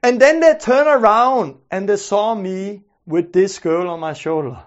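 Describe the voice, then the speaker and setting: This earnest storytelling testimony comes from a preacher whose voice is high. He speaks haltingly, backing up and repeating words often, and the lo-fi audio sounds muffled.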